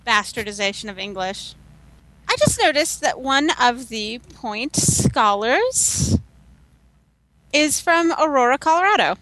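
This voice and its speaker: A woman's voice: fairly high pitch, lively intonation, unhurried, fairly bright tone, slight background noise, low-quality recording. A woman chatting casually on a podcast, laughing as she talks. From United States. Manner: chatty, laughs while talking.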